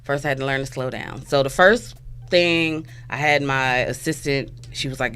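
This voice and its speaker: A woman's voice: a bass voice, moderate pace, fairly bright tone. A woman from Florida with a Southern American accent, co-hosting a casual talk show and explaining words step by step, spelling them out like a teacher. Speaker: co-host.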